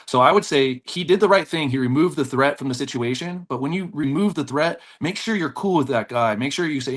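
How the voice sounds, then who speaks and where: A man's voice: medium pitch, normal speed. A man who runs a jiu-jitsu school, guest on a podcast, telling stories with energy, acting out the people in them and laughing often. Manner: animated storyteller, acts out voices, laughs often. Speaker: jiu-jitsu black belt and gym owner, podcast guest. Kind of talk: storytelling in a podcast interview.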